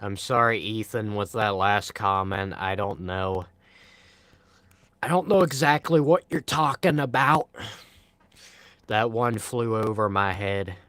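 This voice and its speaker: A man's voice: fairly low pitch, slow, long pauses, a bit bright, dry recording. A young man live streaming, chatting casually and answering viewer comments in a laid-back, rambling way with frequent sighs.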